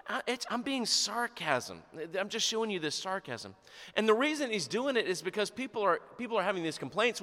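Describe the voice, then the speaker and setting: A man preaching with a bright, forceful voice that swings widely in pitch, his words ringing through a long-reverb church hall. He preaches animatedly and with sarcasm, acting out quotes as he goes. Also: big pitch swings, normal speed. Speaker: pastor. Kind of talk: sermon.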